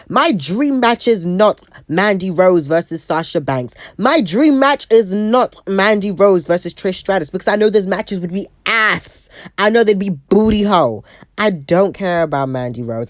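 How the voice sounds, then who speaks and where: A woman's voice: fairly low pitch, no echo, studio quality. Sassy, blunt woman ranting. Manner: sassy, blunt and profane, full of fillers. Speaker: wrestling show reviewer. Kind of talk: casual rant review.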